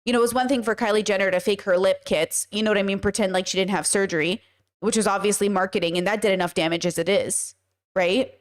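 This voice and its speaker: A woman's voice: mid-range voice, fairly even intonation, fast. A woman hosting a casual commentary stream, blunt and emphatic and swearing freely. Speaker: podcast host.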